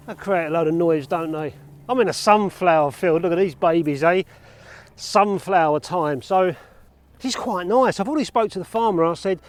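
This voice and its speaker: A man's voice: high-pitched, moderate pace. Chatty man vlogging. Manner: chatty and upbeat. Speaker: film photography vlogger. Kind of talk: casual chat to camera.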